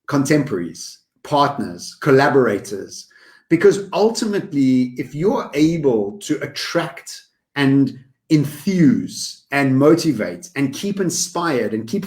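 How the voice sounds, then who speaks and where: A man co-hosting a podcast in casual conversation, energetic and given to quick lists. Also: on the high side. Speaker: podcast co-host.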